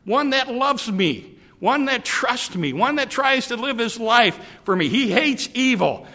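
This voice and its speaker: Brief: exultant God, raised pitch, ringing, as a preacher puts him on. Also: male voice, lively intonation, measured pace, pushed and bright, heavily acted. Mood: proud, boastful. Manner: exclaiming, boastful. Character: proud, boasting God, male.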